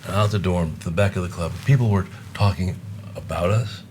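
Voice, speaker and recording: A man's voice: low voice, fairly quick, darkish tone, a little hiss or hum. An older man from Buffalo, a guest musician, telling rambling anecdotes in casual conversation and acting out the voices of the people he describes. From Buffalo, New York, USA. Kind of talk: casual storytelling.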